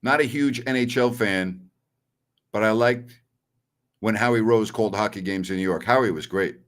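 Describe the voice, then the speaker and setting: A man's voice: fairly low pitch, moderate pace. Blunt, opinionated male sports talk host. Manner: blunt and opinionated, scoffs at callers. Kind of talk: live-stream Q&A answering viewer messages.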